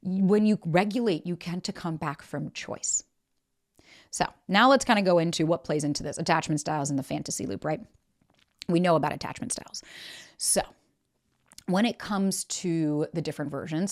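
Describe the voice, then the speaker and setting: A woman in her thirties hosting a podcast, giving candid relationship advice in a blunt, emphatic way with casual swearing. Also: lowish voice. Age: 30s. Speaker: podcast host.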